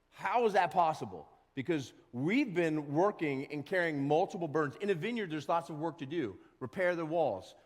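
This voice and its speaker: A male pastor giving a casual, animated sermon and now and then acting out grumbling workers. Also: a little high, long reverb tail. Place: church sanctuary.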